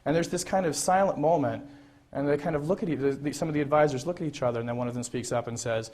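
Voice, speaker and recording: A man's voice: on the high side, fast, darkish tone. A man giving a public lecture, telling a story in a conversational way with frequent fillers and restarts.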